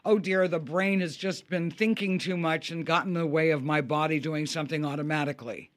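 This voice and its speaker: A woman's voice: deep voice, fairly even intonation, brisk. A woman hosting a radio golf show, reacting to her guest with enthusiasm in casual conversation.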